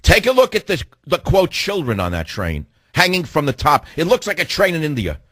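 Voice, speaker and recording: A man's voice: fairly high pitch, huge pitch swings, a little fast, fairly bright tone, dry recording, studio quality. A middle-aged man hosting a talk radio show, delivering a combative monologue full of rhetorical questions aimed at his listeners.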